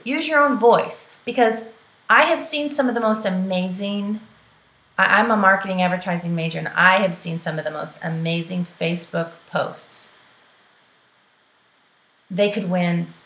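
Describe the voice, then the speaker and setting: A woman's voice: on the low side, pushed and bright. A woman giving sales coaching to the camera, chatty and peppy, often checking in with "right?" and calling her listeners "girl". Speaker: direct sales trainer. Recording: roomy echo.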